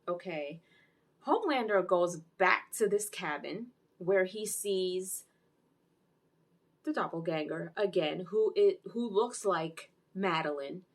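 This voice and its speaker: A woman giving a casual, animated recap and review of a TV episode, telling the plot with exclamations. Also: lowish voice, takes it slowly. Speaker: TV series reviewer.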